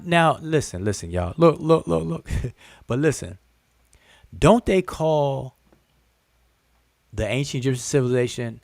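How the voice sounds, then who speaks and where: Male host, animated live-stream teacher, mid pitch, dry close sound, keeps urging viewers to look. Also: dry recording. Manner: addresses the audience as "y'all" and "family". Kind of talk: live-stream lesson talking to viewers in chat.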